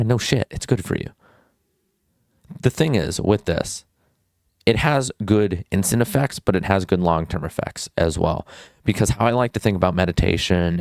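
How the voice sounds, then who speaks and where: Blunt low-voiced young man. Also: a little mellow, no echo. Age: young adult. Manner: blunt and crude, fillers like "like"; jumps between tangents. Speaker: self-improvement vlogger. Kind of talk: casual advice monologue.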